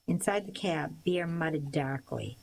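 A woman reading a story aloud in the first person, in a measured, even way. Her voice sits on the low side, and a faint hiss runs under the recording. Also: vocal fry, low-quality recording. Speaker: audiobook narrator.

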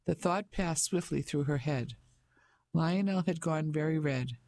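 A man narrating an audiobook in a measured, even storytelling manner. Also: a little high, dry recording.

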